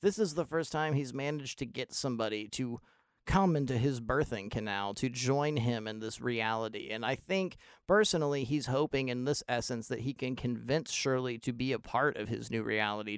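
A man's voice: mid-range voice, fairly quick, gravelly, clean tone, no echo, studio quality. A man giving an intense, analytical and sometimes profane monologue about a film, in video-essay style. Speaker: film commentator.

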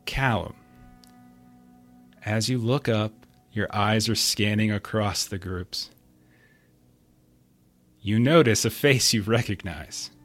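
A man narrating a tabletop game as game master in a relaxed, descriptive way, full of casual fillers. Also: on the low side, slow, pauses often, faint music behind.

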